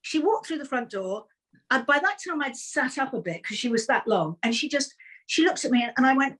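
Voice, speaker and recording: Older woman, co-host, casual chat, chatty storyteller, stumbling, fairly high voice. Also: lively intonation, brisk, fairly bright tone, slightly rough. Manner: chatty storyteller, stumbles over her words.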